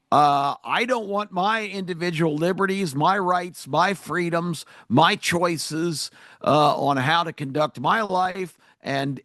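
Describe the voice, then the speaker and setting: A man with a fairly high voice speaks straight into a close studio mic, with a dry and direct sound. He hosts a talk radio show and delivers a political monologue. His tone is emphatic and indignant, and he pauses on fillers as he builds his points. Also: a bit bright, dry recording.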